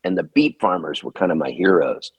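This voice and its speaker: Here a man in his sixties speaks briskly in a deep, slightly breathy voice, recorded dry. As a musician guest in a storytelling interview, he tells his tales with energy, acting out the people he quotes.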